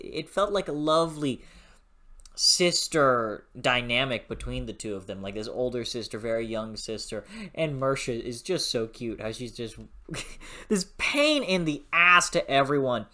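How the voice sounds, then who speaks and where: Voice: mid-range voice, lively intonation, a little slow, sharp tone. A book reviewer in a casual video review, swearing freely, laughing often and losing the train of thought. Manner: frequent laughter.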